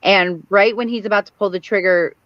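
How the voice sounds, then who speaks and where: Woman calmly recapping a plot, lo-fi. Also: medium pitch, fairly quick, no room sound. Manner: methodical narrator with frequent ums. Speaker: co-host. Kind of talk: casual chat recapping a TV episode. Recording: dull lo-fi stream audio.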